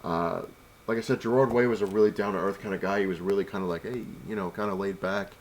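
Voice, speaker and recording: A man with a fairly low voice tells a long, rambling story straight to camera, acting out each exchange. He sounds annoyed as he complains. There's a faint hiss of background noise. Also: fairly even intonation, fast talker. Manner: rambling, retells exchanges with "I was like". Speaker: vlogger.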